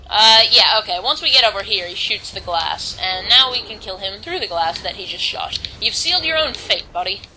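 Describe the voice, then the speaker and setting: Woman, bright tone, chatty gameplay commentary, reads text aloud, stumbles over words. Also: medium pitch, slight background noise, low-quality recording. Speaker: let's play host.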